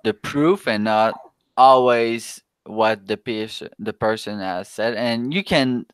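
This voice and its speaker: Slow, halting man on a livestream. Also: medium pitch, clear, resonant tone, no room sound. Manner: halting, stumbles over words. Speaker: livestream guest. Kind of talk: casual livestream chat.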